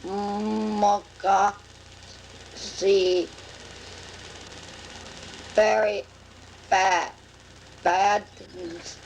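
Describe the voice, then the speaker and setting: A woman voicing a spirit entity that speaks through a medium in slow, halting, broken phrases. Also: mid-range voice, little pitch movement, gravelly, slight background noise, pitched above the performer's own voice, rough recording. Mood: ominous.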